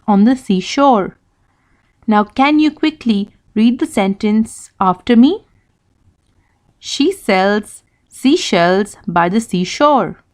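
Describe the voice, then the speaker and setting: A woman teaching a children's English lesson, asking her young pupils many questions. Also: a little high.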